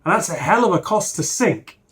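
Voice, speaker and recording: A man's voice: high-pitched, lively intonation, brisk, fairly bright tone. A man hosting a casual tech podcast, steering the conversation. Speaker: podcast host.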